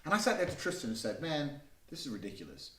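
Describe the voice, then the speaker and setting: A man's voice: a little high, big pitch swings, quick pace, pushed and bright. Aggressive, swearing man ranting. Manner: aggressive, profane, contemptuous. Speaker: vlogger. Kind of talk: ranting monologue. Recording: roomy, mic at a distance.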